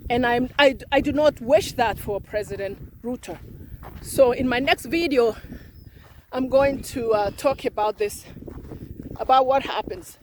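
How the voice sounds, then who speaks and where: A high, bright-pitched woman from Africa talks straight to camera in an opinion vlog. She is middle-aged and emphatic, and her delivery is fervent as she builds her case point by point. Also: unhurried, a little hiss or hum. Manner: impassioned, emphatic, counting off numbered points. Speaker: vlogger.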